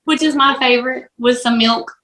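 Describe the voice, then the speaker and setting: A woman's voice: mid-range voice, normal speed, fairly bright tone, slight background noise. A woman with a heavy Southern accent, co-hosting a podcast and telling stories between frequent laughs. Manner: laughs often, chatty storyteller. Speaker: podcast co-host. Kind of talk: casual chat. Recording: roomy echo.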